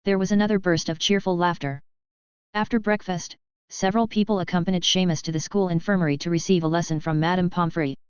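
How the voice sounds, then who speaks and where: Smooth, low-pitched woman narrating a story. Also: fairly even intonation, quick pace, no room sound, dull audio. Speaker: audiobook narrator. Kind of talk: flat scripted narration.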